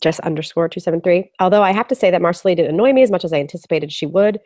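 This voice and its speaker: A woman co-hosting a casual TV chat, talking quickly with lots of "like" and reading out viewer comments. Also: lowish voice, darkish tone, dry recording, studio quality. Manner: chatty, lots of "like", reads viewer tweets. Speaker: podcast co-host.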